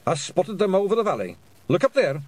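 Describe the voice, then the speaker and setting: A man's voice: high voice, very animated, a little fast, darkish tone, no room sound, pitched above the performer's own voice. A man voicing a tiny, brash male pixie warrior, cheerful and boisterous.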